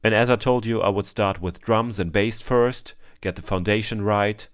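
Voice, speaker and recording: Deep voiced guy doing a mixing tutorial, smooth clear tone, lots of ums. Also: moderate pace. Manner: calm step-by-step explaining with frequent ums. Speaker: music producer teaching mixing. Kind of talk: screen-recorded software tutorial.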